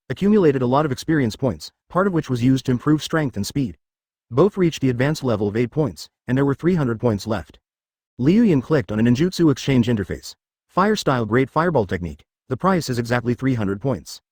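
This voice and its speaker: A male narrator reading fan fiction aloud with a lively, rising and falling pitch. His delivery is scripted and slightly synthetic. The recording is dry and close, with no room sound. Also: breathy edge, no echo.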